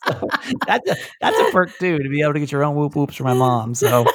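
A man's voice: a little high, animated, no room sound, studio quality. A man hosting a podcast in casual chat, with a light Southern American accent, rambling and laughing easily. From Southern United States. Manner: rambling, chatty, quick laughs. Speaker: podcast host.

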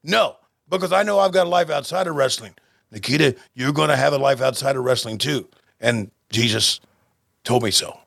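A man co-hosting a podcast, chatting casually in a jokey, rambling, halting way. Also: mid-range voice, vocal fry, a bit bright, dry recording, studio quality. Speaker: podcast co-host. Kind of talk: casual chat.

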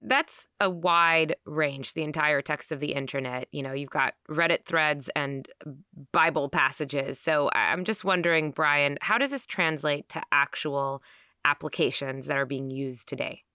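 A woman hosting a conversational news podcast, asking questions in a lively, bantering way. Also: sits low, measured pace, smooth, no room sound, studio quality. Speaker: host.

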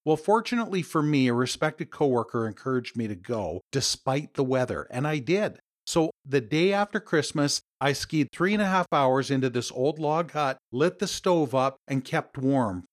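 A man's voice: mid-range voice, animated, normal speed, few pauses, no room sound, clean studio sound. A Canadian man hosting a podcast interview, telling a personal story and welcoming his guest. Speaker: podcast host.

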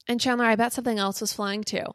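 A woman's voice: on the high side, steady tone, fast, fairly bright tone, dry recording, studio quality. A young woman co-hosting a podcast, telling a gossip story with playful teasing and theatrical emphasis. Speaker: podcast co-host. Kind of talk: casual chat, storytelling gossip.

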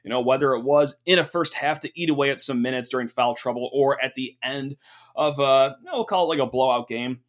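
A man's voice: medium pitch, fairly quick. A young man hosting a sports podcast, talking casually with energy and plenty of fillers. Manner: energetic, chatty, lots of fillers. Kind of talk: casual podcast talk with ad read.

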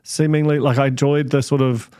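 A man's voice: medium pitch, level tone, fairly quick, warm tone, smooth. A man, chatting casually on a podcast panel, rambling with many restarts. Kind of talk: casual chat.

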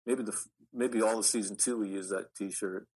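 A middle-aged man, an actor guest, telling animated stories in an interview with frequent restarts. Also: lowish voice, moderate pace, breathy edge, poor audio. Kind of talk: storytelling interview.

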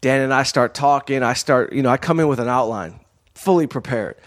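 A man's voice: medium pitch, brisk. A man from Michigan telling a long story in a casual, rambling way, full of "you know" and "like.". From Southfield, Michigan, USA.

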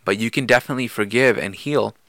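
Bright-voiced man giving encouraging advice. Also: mid-range voice, fast, no echo. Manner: encouraging, supportive, restating points. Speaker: podcast co-host. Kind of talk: heartfelt marriage advice talk.

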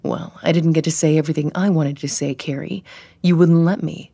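A woman reading an audiobook, voicing a smug, pushy man who keeps justifying himself in a glib, quiet way. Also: low voice, steady tone, a little fast, creaky, breathy edge, no echo, exaggerated voice. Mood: pleading. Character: male ex-boyfriend, smug, pushy, self-justifying.

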